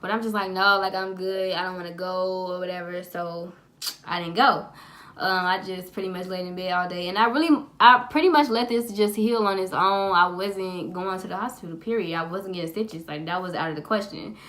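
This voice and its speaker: A woman's voice: on the low side, fairly quick, a bit bright. A young woman vlogger telling a personal story to camera in a chatty, profane, dramatic way.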